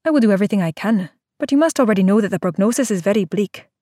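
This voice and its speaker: A woman voicing a calm, firm female doctor in an audiobook, speaking in measured, even tones. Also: medium pitch, dry recording, studio quality, natural voice. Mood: sharp. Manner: measured, even, growing sharp and insistent. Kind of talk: audiobook character voice.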